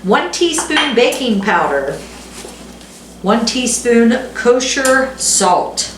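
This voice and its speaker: A woman's voice: mid-range voice, sing-song, slow pace, noisy background. A middle-aged woman hosting a home cooking video, chatting casually and reading recipe steps aloud with self-deprecating asides. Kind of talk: casual cooking vlog chat. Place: home kitchen. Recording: echoey kitchen with clattering dishes.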